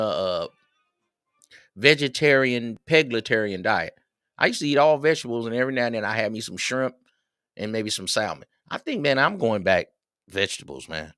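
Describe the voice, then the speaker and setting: Man, livestream host, animated swooping pitch, dry close sound, rambling chatty delivery, faint music behind. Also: dry recording. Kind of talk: casual chat with viewers.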